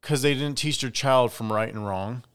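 A man's voice: medium pitch, moderate pace, clean tone. A young man hosting his own podcast, talking casually and with strong opinions in a chatty solo monologue. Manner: chatty, opinionated, animated asides. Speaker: podcast host.

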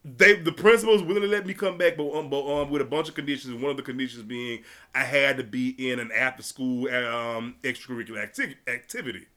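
A young man telling a profane, animated story, swearing freely and shouting as it builds. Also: mid-range voice, fast talker.

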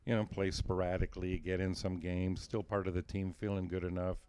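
A man's voice: low voice, flat delivery, a little fast, a little mellow, slight background noise. A man hosting a podcast, telling a self-deprecating story in a casual way and laughing through it. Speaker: podcast host.

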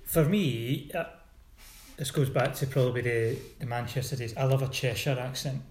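A man's voice: mid-range voice, moderate pace, a little mellow, slight background noise. Rambling Scottish man in an echoey room. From Scotland. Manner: rambling, teasing, restarts often. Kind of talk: casual chat.

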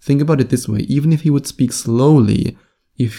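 A man giving dating advice straight to camera, his delivery slow and deliberate with pauses left hanging. His voice has a gravelly fry in it and a dark, mellow tone. He sits at a middling pitch for a man. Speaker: dating coach and author.

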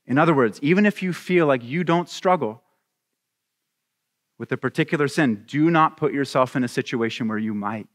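A man preaching a sermon as a pastor, animated and acting out little scenes with voices. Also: mid-range voice, moderate pace, in a large hall.

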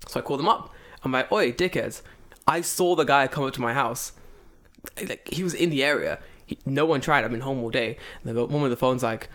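A man's voice: medium pitch, a little fast, fairly bright tone. A man in casual chat, telling a story with lots of swearing and acted-out voices. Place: lives in Japan.

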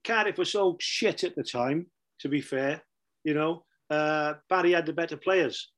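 A man's voice: fairly high pitch, unhurried, fairly bright tone. A middle-aged man, telling blunt football stories as a podcast guest and repeating his phrases. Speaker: guest, former football manager. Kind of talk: casual podcast chat, storytelling.

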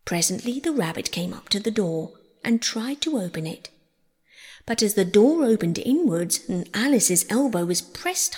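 A woman reads a storybook aloud in an expressive way, her pitch rising and falling freely. Her voice is breathy. A long hall reverb trails behind each line. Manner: expressive, acts out each character. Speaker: audiobook reader. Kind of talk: storybook narration.

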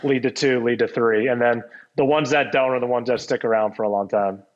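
A man's voice: medium pitch, fairly even intonation, brisk. Laid-back former kicker guy chatting, kinda lo-fi sound. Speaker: podcast co-host, former NFL kicker. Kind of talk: casual chat.

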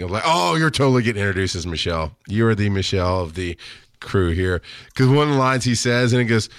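A man's voice: mid-range voice, fast, a bit bright, dry recording, studio quality. Laughing, joking podcast host man. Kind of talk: casual podcast banter.

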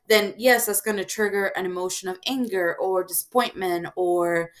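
A woman hosting a podcast, giving casual advice in a reflective way, often pausing on "um" and checking in with "right?". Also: medium pitch. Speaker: podcast host.

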